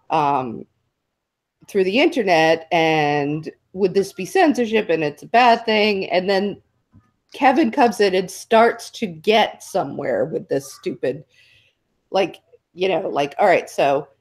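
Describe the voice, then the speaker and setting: A woman's voice: fairly low pitch, a little mellow. A woman hosting an online panel, recounting a debate in a sarcastic, exasperated way. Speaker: host. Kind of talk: casual online panel chat.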